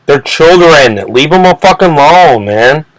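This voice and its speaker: A man's voice: on the high side, expressive, measured pace, poor audio. A man hosting his own channel, ranting in an agitated, indignant way, swearing often and restarting his sentences again and again. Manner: profane, rambling, many restarts and repeated words. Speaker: channel host. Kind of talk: ranting commentary video.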